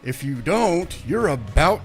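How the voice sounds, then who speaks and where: A man's voice: on the high side, sing-song, measured pace, creaky, faint music behind. A man co-hosting a radio show, laughing and groaning at his partner's puns and hyping up an upcoming guest. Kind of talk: casual radio banter.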